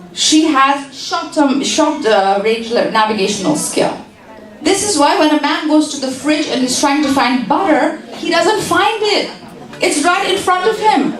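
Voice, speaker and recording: A woman's voice: sits high, distant mic. A woman giving a humorous lecture to an audience in a large hall, teasing the listeners and repeating phrases for emphasis. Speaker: speaker at a community talk.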